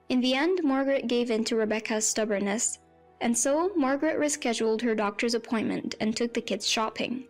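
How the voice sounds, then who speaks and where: A woman narrating a first-person story in a plain, even storytelling voice. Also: fairly high pitch. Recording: faint music behind.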